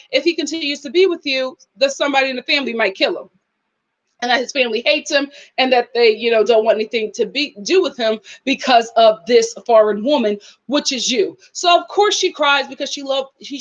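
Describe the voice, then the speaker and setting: High-voiced woman giving a chatty, sassy review. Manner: animated, laughing, acts out quotes, sassy asides. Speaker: reality TV reviewer. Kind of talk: casual live review chat.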